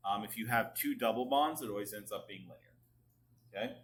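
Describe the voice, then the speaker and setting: A man's voice: on the low side, moderate pace, a bit bright. Man teaching chemistry to a class. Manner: coaxing, asks the class to respond often. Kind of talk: classroom lecture.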